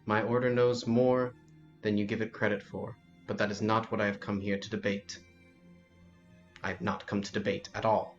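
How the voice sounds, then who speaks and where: A man voicing a calm, graceful robed woman warrior who speaks in a measured way, on a lo-fi recording with faint music. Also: lowish voice, natural voice.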